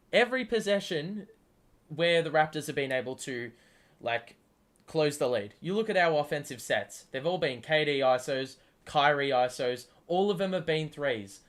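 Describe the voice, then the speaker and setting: Hosting a live basketball watchalong, a man with a slightly high voice delivers play-by-play at a moderate pace. He's excitable, curses often, and argues back at the players as he comments.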